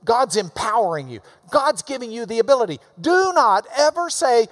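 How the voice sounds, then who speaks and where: A man preaching a sermon in a church. He talks emphatically, swinging between loud urging and quiet asides. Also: extremely high pitch, sing-song, normal speed, few pauses. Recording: long reverb of a large hall.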